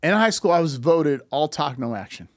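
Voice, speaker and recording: A man's voice: fairly high pitch, normal speed. A man in his fifties with a slightly raised voice, chatting on a podcast. He tells stories animatedly, acting out the people he quotes and often restarting his sentences. The sound is close and dry, with no room echo. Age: 50s. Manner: animated storyteller, acts out quoted dialogue, frequent restarts. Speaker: podcast guest. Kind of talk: casual podcast conversation.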